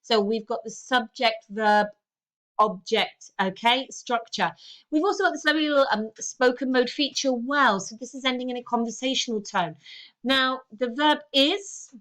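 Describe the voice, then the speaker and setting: A woman's voice: fairly high pitch, moderate pace. A woman teaching a lesson, talking through a text and often saying "okay". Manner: lively, talks through a text with frequent "okay"s. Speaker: English teacher. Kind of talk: recorded online lesson.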